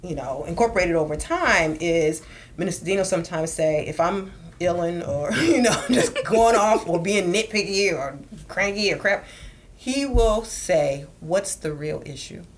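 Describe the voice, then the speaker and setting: Earnest low-voiced woman co-host. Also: lively intonation, normal speed, slight background noise. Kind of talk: casual podcast chat.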